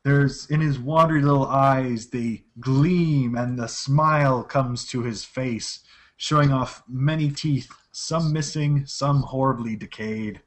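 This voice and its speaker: A man's voice: medium pitch, slow pace. A man running a tabletop game as game master, describing scenes in detail and often restarting his sentences. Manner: descriptive narration with frequent restarts.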